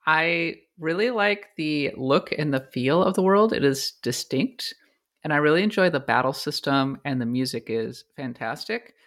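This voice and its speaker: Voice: mid-range voice, animated, moderate pace, a bit bright. A podcast co-host talking casually about games, weighing opinions carefully and aloud. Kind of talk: casual game chat.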